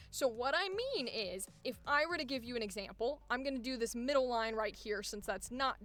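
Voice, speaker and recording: Acting coach, female: bright, fairly high voice, energetic and emphatic delivery. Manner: energetic, emphatic, laughs often, swears casually. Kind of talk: coaching session.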